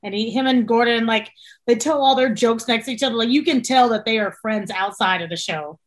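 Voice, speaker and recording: A woman from South Texas chatting as a podcast guest, with a fairly high voice. She tells lively stories, swears freely and acts out the people she quotes. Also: a little fast. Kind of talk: casual chat.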